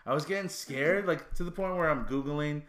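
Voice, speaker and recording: Bright-voiced man telling crude stories. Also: brisk. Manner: crude, joking storyteller, voice jumps high when excited. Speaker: podcast co-host. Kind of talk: casual podcast chat.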